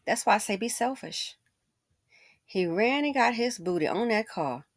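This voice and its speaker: A woman hosting her own channel, giving casual, animated commentary with sassy asides. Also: a little high, moderate pace. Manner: animated, sassy, mimics people in quotes.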